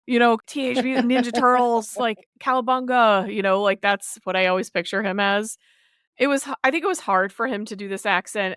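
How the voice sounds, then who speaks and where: A woman co-hosting a podcast in casual chat, animated and quick to laugh. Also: mid-range voice, clear, resonant tone, no echo, studio quality. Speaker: podcast co-host.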